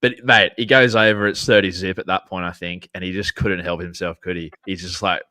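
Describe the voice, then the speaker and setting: A man's voice: low voice, fairly even intonation, brisk, few pauses, bright, forceful tone, no room sound. An Australian man hosting a casual sports chat, laid-back and jokey, swearing freely. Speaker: podcast host reading chat.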